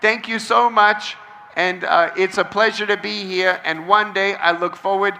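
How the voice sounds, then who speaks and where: A man's voice: high-pitched, steady tone, unhurried, vocal fry, pushed and bright, slight background noise. A man speaking as a motivational speaker to a large crowd at an outdoor event, emphatic and repeating phrases for the crowd to echo. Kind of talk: addressing a large crowd, call-and-response.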